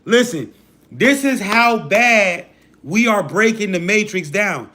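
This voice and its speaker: A livestream host rants casually to his stream in a high, expressive, sharp-toned voice at a slow pace. He's preachy and profane, pumping things up with slang-heavy hype talk.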